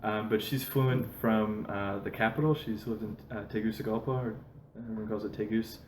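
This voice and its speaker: Fairly low-pitched and steady, with a darkish tone and normal pace, this man hosts a podcast and rambles through casual stories. He leans heavily on "like" and laughs a lot, in a roomy, echoey space with slight background noise.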